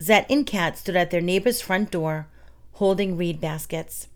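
A woman reading children's stories aloud in a soft, steady narration. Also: fairly low pitch, measured pace.

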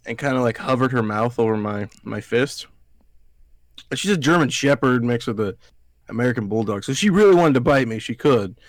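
A man's voice: medium pitch, animated, brisk, no room sound. A man hosting a podcast, telling a rambling story in casual chat, swearing freely. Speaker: podcast host.

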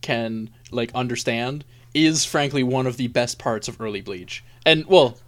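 A man's voice: mid-range voice, a little slow. A man with an everyday mid-range voice, co-hosting a podcast. He speaks wryly and rambles through opinions about anime, leaning on fillers like "like" as he goes. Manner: wry, rambling, many fillers like "like". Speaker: podcast co-host. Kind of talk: casual chat about anime.

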